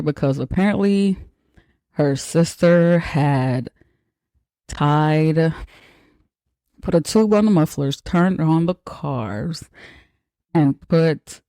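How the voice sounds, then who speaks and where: A man with a gravelly, dark voice recaps a film like he's telling friends about it, loose and profane. The sound is close and dry, with no room around it. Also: a little high, dry recording. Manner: profane, animated retelling. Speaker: podcast host. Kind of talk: casual movie recap.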